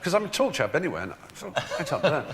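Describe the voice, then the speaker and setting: An Englishman who is a talk show guest, telling anecdotes in an articulate, wry way with animated asides. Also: a little high, fast, noisy background. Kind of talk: anecdotal storytelling.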